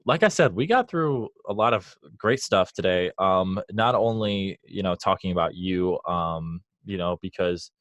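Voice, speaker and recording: Young male host, very deep voice, casual and chatty with lots of fillers. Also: a little slow, few pauses, dry recording. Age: young adult. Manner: friendly, filler-heavy, laughs easily. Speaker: podcast host. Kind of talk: casual interview chat.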